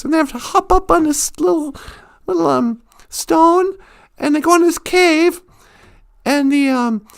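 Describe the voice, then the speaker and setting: High-voiced, animated woman storyteller. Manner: animated, joking, laughs often. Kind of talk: humorous live-stream storytelling.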